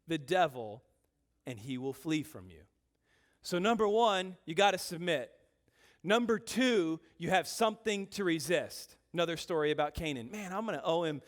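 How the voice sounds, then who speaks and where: A man in his thirties, a pastor preaching a sermon and telling family stories with animated, swinging delivery. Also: high voice. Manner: animated storytelling, swings from loud bursts to quiet intensity. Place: church.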